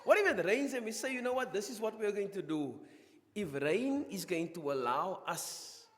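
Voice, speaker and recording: A man preaching a sermon to his congregation in an animated, conversational way. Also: high-pitched, moderate pace, long reverb tail. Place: church hall.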